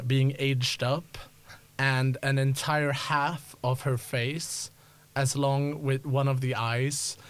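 A man narrating as game master in a tabletop game, relaxed, with many fillers. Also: mid-range voice, clean tone.

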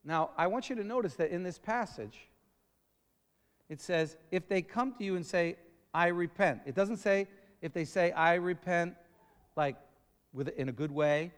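A man preaching a lively sermon, calling out to the congregation for amens and acting out short scenes as he goes. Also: high voice, measured pace, pauses often, clean tone, long reverb tail. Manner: animated, call-and-response preaching. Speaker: pastor.

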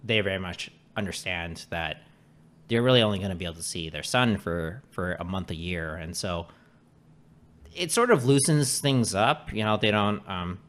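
Guy with a lowish voice chatting loosely, lots of false starts and cursing. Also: normal speed, fairly bright tone. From Canada. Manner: rambling, lots of restarts and swearing. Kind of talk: casual chat.

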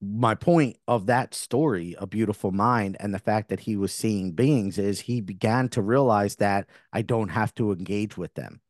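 A man's voice: lowish voice, normal speed, hardly any pauses, no echo, studio quality. A middle-aged man hosting a spiritual podcast, talking earnestly in a rambling way full of restarts and self-corrections. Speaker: podcast host.

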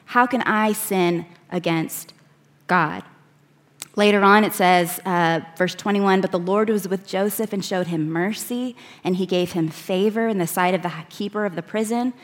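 A woman preaching, reading scripture verses aloud and slowing down to stress key words. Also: medium pitch. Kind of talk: sermon.

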